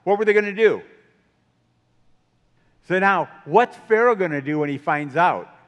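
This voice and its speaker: A man's voice: high voice, animated, moderate pace, a bit bright, highs cut off. A man preaching a sermon in a casual, conversational way, asking his listeners many questions. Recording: long hall reverb.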